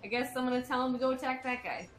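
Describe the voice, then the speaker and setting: A woman's voice: high voice, racing, echoey room, faint music behind. A woman playing in a tabletop game, chatting casually in a bubbly way as she describes her character's actions. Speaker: player.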